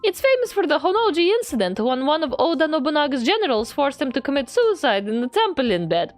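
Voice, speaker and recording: A woman streamer reads game dialogue aloud in a high, lively voice that swoops widely. She delivers it playfully, with jokey asides. Faint music runs in the background. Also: quick pace. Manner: playful, adds a running joke to every line. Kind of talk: reading game text aloud with jokey commentary.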